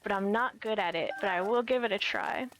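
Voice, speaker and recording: A woman's voice: medium pitch, fairly quick, fairly bright tone, slight background noise, rough recording. A young woman chatting casually while streaming a game, giggly and self-deprecating. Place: home, lives in California.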